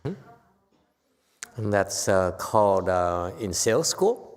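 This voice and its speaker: A man giving a casual Buddhist talk to a group, with loud bursts when he acts out quoted lines. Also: deep voice, big pitch swings, slow, clean tone, long reverb tail. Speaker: Buddhist teacher. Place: temple hall.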